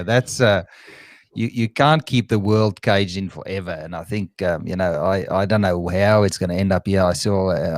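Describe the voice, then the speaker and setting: A man's voice: on the low side, no room sound, clean studio sound. An Australian man hosting a live online Q&A, chatting casually with lots of fillers and restarts. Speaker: show host.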